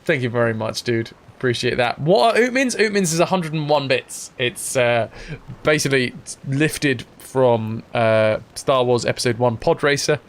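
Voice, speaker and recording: A man's voice: mid-range voice, animated, normal speed. A man chatting casually while streaming a role-playing game and thanking viewers.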